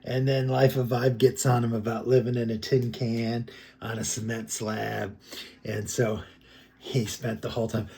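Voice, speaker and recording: A man's voice: mid-range voice, little pitch movement, measured pace, gravelly, darkish tone, husky. A man talking casually and rambling, chuckling as he comments on other creators' videos. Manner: rambling, chuckling, heavy on fillers. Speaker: commentary vlogger.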